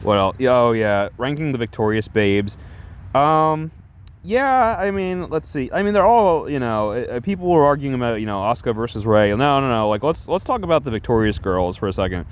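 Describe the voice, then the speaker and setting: A male streamer chats casually on a livestream, rambling and self-conscious, restarting half his sentences. His voice sits at an ordinary mid pitch. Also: animated, moderate pace, clean tone.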